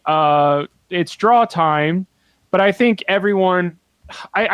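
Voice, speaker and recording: Guy on a podcast, high-ish voice, super animated storytelling, swears a bunch, dry close mic. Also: no echo. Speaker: podcast co-host. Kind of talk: casual podcast chat.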